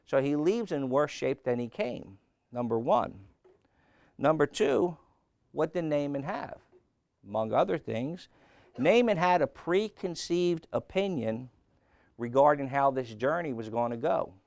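A man delivers a sermon to his congregation in a gravelly voice, picked up dry and close. He keeps putting questions to his listeners, lifting his voice for emphasis and then dropping it low. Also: animated, measured pace, a little mellow, no room sound. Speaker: preacher.

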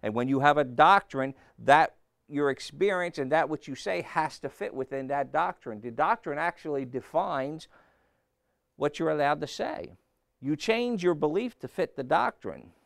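A man's voice: a little high, animated, moderate pace, gravelly, fairly bright tone, no room sound, clean studio sound. A man preaching a sermon, reading scripture aloud and throwing questions back at the listeners.

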